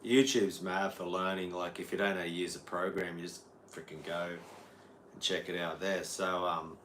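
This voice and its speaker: A middle-aged Australian man with a lowish voice chats loosely on a live stream. He rambles, drifts between thoughts and answers the viewers' chat as he goes. Faint noise sits under the recording. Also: fairly even intonation, moderate pace, a bit bright. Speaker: guitar teacher streaming live. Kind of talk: casual livestream chat.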